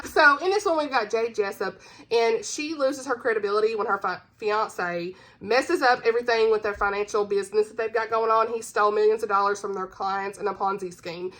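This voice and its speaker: A woman's voice: a little high, fairly bright tone. Giggly, bubbly woman book vlogger. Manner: bubbly, giggly, chatty with frequent laughs. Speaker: book reviewer, channel host. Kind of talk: casual book-recommendation chat.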